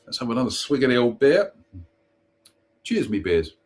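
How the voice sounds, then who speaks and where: A man's voice: medium pitch, lively intonation, normal speed, long pauses, husky. A man hosting a live stream, reading ghost stories aloud with chatty, self-mocking asides and the odd stumble over a name. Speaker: host.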